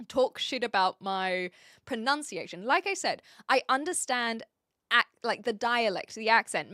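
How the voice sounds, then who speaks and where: A woman's voice: a little high, a bit bright, no room sound, clean studio sound. Bubbly New Zealand woman streamer. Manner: chatty, laughs often, reads and answers chat. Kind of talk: casual live-stream chat.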